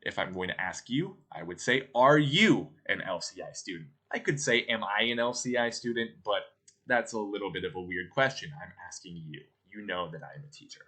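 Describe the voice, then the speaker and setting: A man's voice: on the low side, fairly quick, bright, forceful tone. A male teacher giving a recorded grammar lesson, explaining patiently step by step and often checking in with the listener.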